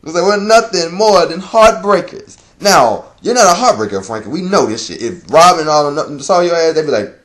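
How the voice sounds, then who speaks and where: A man giving a casual, rambling manga chapter review, swearing often, laughing a lot and jumping into high excited exclamations. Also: fairly quick, hardly any pauses.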